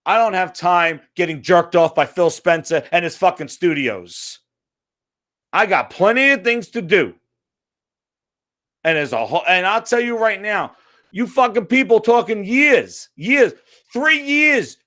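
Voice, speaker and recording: A man's voice: high-pitched, expressive, a little slow, a bit bright. A man from the United States ranting about a video game, profane, exasperated and sarcastic. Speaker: gaming commentator. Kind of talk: ranting monologue.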